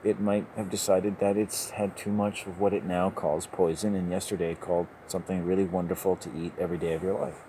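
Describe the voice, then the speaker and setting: Man rambling and joking, laughs a lot, on a walk outside; low voice, noisy outdoor sound. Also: level tone, a little fast, few pauses. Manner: rambling, jokey, often laughing. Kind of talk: rambling monologue while walking. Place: outdoors by a river at dusk.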